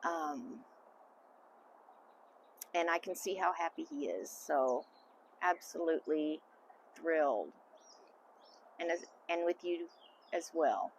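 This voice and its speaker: A middle-aged woman, answering interview questions as a mother in a candid, halting, emotional way. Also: low voice, a little hiss or hum. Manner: candid, halting, emotional, trailing off into soft asides. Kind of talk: casual family interview.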